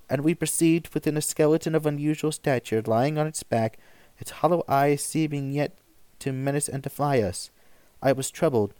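A man reading old stories aloud with measured, even narration. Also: medium pitch, dry recording. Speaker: story reader.

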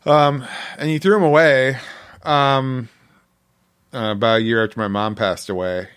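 A man's voice: medium pitch, fairly even intonation, measured pace, a bit bright, clear, resonant tone. A man co-hosting a podcast, telling a story with lots of ums. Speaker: podcast co-host. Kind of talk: casual podcast chat.

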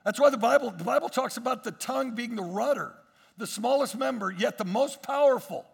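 A male pastor preaching a sermon, swinging between quiet asides and emphatic rises, with frequent repetitions and restarts. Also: very high voice, animated, brisk, creaky, slightly rough, long reverb tail.

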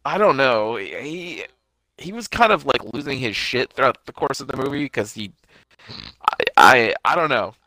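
A young man talks over a film's plot in a hesitant, offhand way, often trailing into uncertainty. His voice sounds bright and a little tense. The sound is dry and close-miked. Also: mid-range voice, expressive, moderate pace, dry recording, poor audio. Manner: hesitant, unsure, casual swearing. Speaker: podcast co-host. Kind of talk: casual movie review chat.

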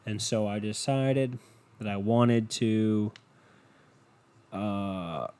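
A man hosting a solo podcast, rambling in a profane, deadpan way and sounding tired. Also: on the low side, drawn-out words, pauses often, clear, resonant tone. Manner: profane, meandering and deadpan, with frequent swearing. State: tired and yawning. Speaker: podcast host.

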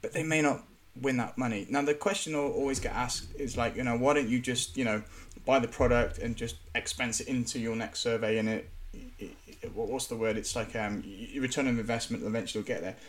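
A man's voice: medium pitch, fairly even intonation, a little fast, few pauses. A man from England, a self-employed contractor, talking frankly in casual panel chat, rambling with many restarts.

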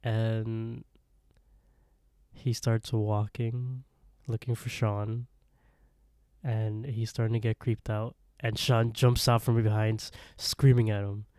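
A man's voice: fairly low pitch, flat delivery, slow, a little mellow, clean tone, no room sound, studio quality. A man co-hosting a podcast, casually retelling a TV episode and laughing often between lines. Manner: laughs often, retells scenes in quoted voices. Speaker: podcast co-host. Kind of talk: casual recap chat.

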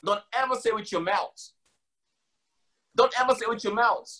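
A man with a high, bright-sounding voice preaches a sermon. He drives his points home by repeating them, and he slips casual slang in between scripture quotes. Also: moderate pace. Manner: emphatic, repeats lines for stress.

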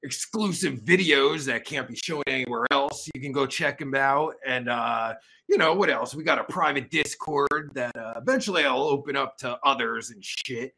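A man's voice: medium pitch, moderate pace, creaky, sharp tone, husky. A man hosting a livestream, talking in a crude, rambling rant with sudden mocking outbursts. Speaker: livestream host.

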